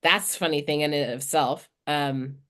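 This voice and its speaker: A woman's voice: deep voice, fairly even intonation, moderate pace, a bit bright. A woman in her thirties, a podcast guest talking candidly and swearing freely in casual chat.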